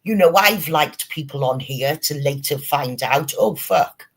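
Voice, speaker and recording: Husky man, swearing storyteller. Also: on the high side, expressive, unhurried, fairly bright tone. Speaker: streamer host. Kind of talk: casual livestream chat.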